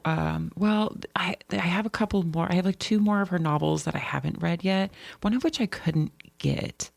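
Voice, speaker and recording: A woman's voice: on the low side, normal speed, gravelly, no room sound. A woman co-hosting a podcast in casual chat, talking in a chatty, rambling way with frequent restarts. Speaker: podcast co-host.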